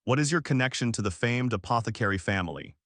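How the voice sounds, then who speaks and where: Guy doing a cold stern old duke, unhurried, dry sound. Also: mid-range voice, expressive, a bit bright, no room sound, lightly acted. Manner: light but cold, slow. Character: stern powerful older male duke, cold.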